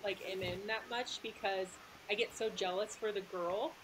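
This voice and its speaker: A woman's voice: medium pitch, steady tone, moderate pace, background noise. A woman author, a guest on a podcast, chatting casually and laughing often.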